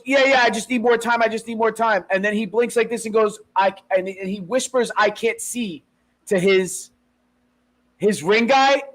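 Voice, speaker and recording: A podcast co-host with a high voice for a man, chatting casually. He tells stories with energy, swearing freely and acting out the lines of the people in them. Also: rough recording. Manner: animated retelling with profanity and acted-out quotes. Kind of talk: casual chat.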